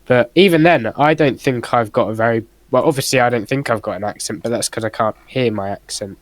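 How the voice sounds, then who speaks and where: A chatty young man with a southern English Kent accent, talking casually and rambling a bit as he pokes fun at himself. His voice sits at an ordinary pitch and sounds close and dry, with no room around it. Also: brisk, no room sound. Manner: chatty, rambling, self-mocking. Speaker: podcast co-host. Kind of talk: casual chat.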